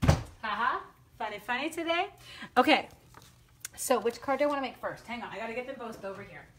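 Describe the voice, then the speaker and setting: A woman's voice: fairly high pitch, fairly bright tone, a little hiss or hum. A middle-aged woman demonstrating card making, chatting with viewers in a giddy, self-teasing way. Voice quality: sings little la-la runs between steps. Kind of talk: live crafting demo chat.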